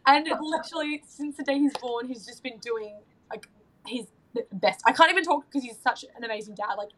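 A woman in her thirties talks in a casual podcast chat, her voice sitting a little high. She gushes and turns emotional, stopping and restarting her sentences with plenty of fillers. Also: normal speed, fairly bright tone, low-quality recording. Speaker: podcast guest.

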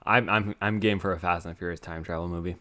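Excitable rambling young man recapping. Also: sits low, fast. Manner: rambling, excitable, swears freely. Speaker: podcast co-host recapping a film. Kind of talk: casual chat.

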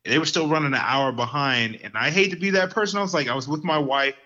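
A man telling lively stories in casual podcast chat, getting worked up as he goes. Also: fairly high pitch, fast, highs cut off. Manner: animated storyteller who gets worked up.

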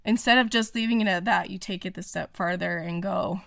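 A woman's voice: fairly low pitch, fairly even intonation, fast talker, creaky, few pauses, a bit bright, dry recording, clean studio sound. A woman talking casually as a podcast guest, chatty and full of fillers and restarts. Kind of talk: casual interview chat.

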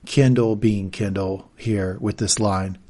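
A man's voice: lowish voice, steady tone, slow pace, mellow. A man co-hosting a podcast, recapping a TV episode in casual joking chat and reading quotes in mock voices. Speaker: podcast co-host.

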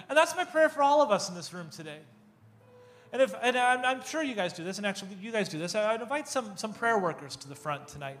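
A man gives a sermon in a high, bright voice, pulling the room along with animated, self-mocking storytelling. He acts out the voices in his story as he goes. Faint music plays behind him. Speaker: pastor.

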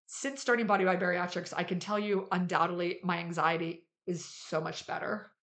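A woman's voice: on the low side, steady tone, a little fast, fairly bright tone. A woman co-hosting a podcast as a surgeon, chatting casually with frequent laughs and lots of fillers. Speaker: podcast co-host, bariatric surgeon.

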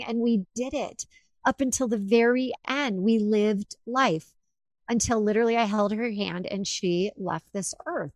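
A woman hosting a podcast, telling a personal story in an animated, effusive way. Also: medium pitch, unhurried, no room sound. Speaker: podcast host.

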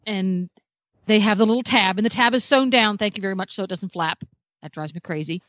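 A woman's voice: medium pitch, a little fast, fairly bright tone, no room sound, dull audio. A woman reviewing a product on a radio talk show, chatty and detailed, with self-deprecating humor.

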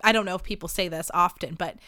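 A woman in her late twenties hosting a podcast, talking in a chatty, self-deprecating way with lots of fillers and sudden jumps in pitch. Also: quick pace, sharp tone, no room sound, studio quality. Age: late 20s. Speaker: podcast host. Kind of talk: casual confessional chat.

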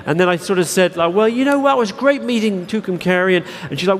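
A man's voice: high voice, fast, hardly any pauses. Rambling self-mocking man on a theatre stage. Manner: rambling, self-deprecating storytelling with many restarts. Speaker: keynote speaker. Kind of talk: live stage anecdote and Q&A. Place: large theatre with audience. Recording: reverberant hall, faint background noise.

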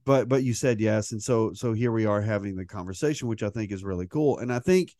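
A middle-aged man co-hosts a casual podcast, chatting and joking, often restarting his sentences and laughing. His voice is fairly low and dark, a touch quick, and the recording has no echo.

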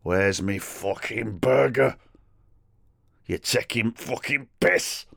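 A man voicing a drunk, aggressive older man around sixty, slurring and belligerent as he shouts at the counter in a told comedy story. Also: medium pitch, slow, gravelly, no echo, studio quality, voice pushed up, full character voice.

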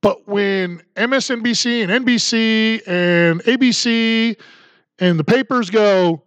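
A man's voice: sits high, a little slow, no echo. Sarcastic ranting male podcast host. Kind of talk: political commentary.

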